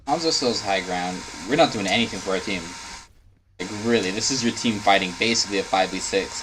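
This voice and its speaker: A tired, blunt man breaking down a player's gameplay with a fairly low voice. He drills the same advice again and again and swears when he gets frustrated. Steady background noise sits under the recording. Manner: blunt, instructive, repeats advice. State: tired, yawning. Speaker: game coach reviewing a player's footage. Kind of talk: coaching commentary over gameplay.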